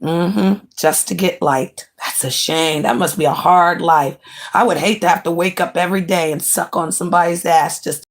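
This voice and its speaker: A woman's voice: on the low side, moderate pace. A woman from the United States, livestreaming in blunt, brash and mocking casual chat.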